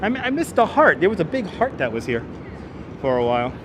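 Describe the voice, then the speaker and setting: A man live-streaming a walk through the city on a clip-on mic, chatty and playful, now and then yelling. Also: high voice, big pitch swings, fairly quick. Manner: chatty, playful, bursts into loud yelling and sing-song calls. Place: outdoors in a city and in an elevator. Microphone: wireless clip-on mic. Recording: street noise clearly behind.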